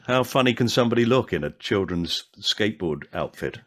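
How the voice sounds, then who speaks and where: Older man, low voice, very lively pitch, anecdotal, actor guest, interview chat. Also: brisk. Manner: anecdotal, animated impressions of fans.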